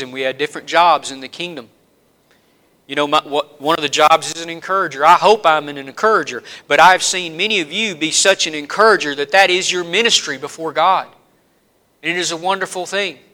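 A man's voice: a little high, sharp tone. A middle-aged man with a Southern US accent preaching a sermon, building lists of points with swelling force. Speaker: pastor.

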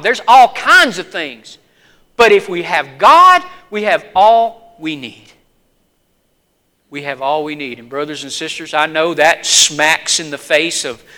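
High-voiced folksy Southern preacher. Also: male voice. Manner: folksy, swings between loud stories and hushed pleas. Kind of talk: sermon.

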